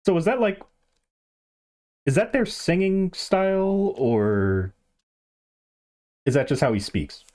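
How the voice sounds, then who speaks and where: A man's voice: a little high, takes it slowly, long pauses. A man streaming a game, chatting casually and animatedly to the players with him. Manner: animated, yelps and laughs, chats to other players.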